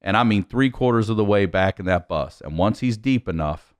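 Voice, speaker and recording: Male podcast guest, rowdy raconteur, swings his pitch up and down. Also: fairly quick. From Baltimore, USA. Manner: lively, profane, laughs while telling. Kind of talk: animated storytelling.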